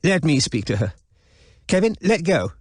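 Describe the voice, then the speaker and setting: A man's voice: on the high side, very animated, normal speed, breathy edge, no room sound, clean studio sound, pitched above the performer's own voice. A man reading an audiobook, voicing an irate elderly woman who speaks bluntly and insistently.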